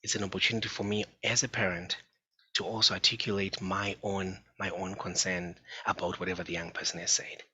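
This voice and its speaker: A man's voice: low voice, level tone, brisk, bright, forceful tone, muffled recording, slight background noise. A man presenting a parenting talk as a psychologist, earnest and repetitive, calling his listeners folks. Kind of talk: informal presentation.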